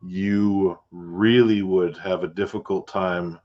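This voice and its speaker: A man hosting a podcast as a realtor, chatting casually and relaxed, with fillers and asides. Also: sits low, slow pace, lo-fi sound. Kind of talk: casual chat.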